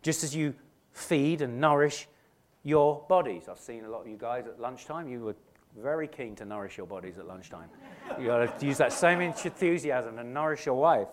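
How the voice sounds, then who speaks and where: A middle-aged British man preaching a sermon as a pastor in a church, earnest and animated, often restarting his phrases and acting out quotes. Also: medium pitch, normal speed. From Britain.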